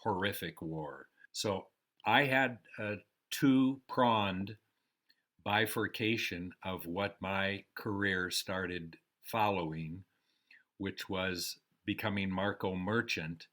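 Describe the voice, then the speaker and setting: Slow, deep-voiced older American man. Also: steady tone, fairly bright tone. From United States. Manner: rambling and unhurried, with pauses and fillers. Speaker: memoir storyteller. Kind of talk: casual spoken memoir.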